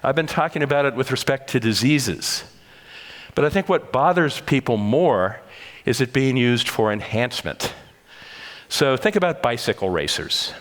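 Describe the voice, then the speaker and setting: A man's voice: mid-range voice, lively intonation, a bit bright. Older man lecturing in a big echoing hall. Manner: measured, explanatory, with self-corrections. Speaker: conference speaker. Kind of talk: public lecture. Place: large conference hall. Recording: long reverb of a large hall.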